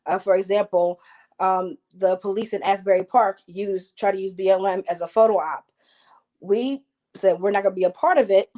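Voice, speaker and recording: A New Jersey woman with a warm, mid-range voice speaks as an activist guest on a video-call panel discussion. She talks with passion and frequently restarts her sentences.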